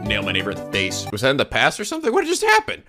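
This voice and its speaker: Screaming, excitable man with a gravelly voice. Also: medium pitch, rapid-fire. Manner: loud, excitable, swearing, screaming and laughing. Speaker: let's play commentator. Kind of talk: gaming commentary. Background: game music.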